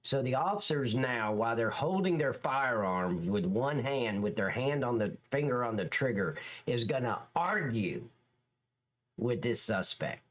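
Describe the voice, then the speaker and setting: A man's voice: medium pitch, expressive, measured pace, fairly bright tone. A man hosts a livestream and reacts to footage with blunt, opinionated commentary. He talks in a mid-range voice and swears freely.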